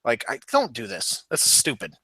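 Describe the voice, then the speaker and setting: A man's voice: mid-range voice, wildly swooping pitch, moderate pace, pushed and bright, breathy edge, dry recording. A man co-hosting a wrestling podcast in casual chat, joking and swearing, sometimes mimicking people in silly voices. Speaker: podcast co-host.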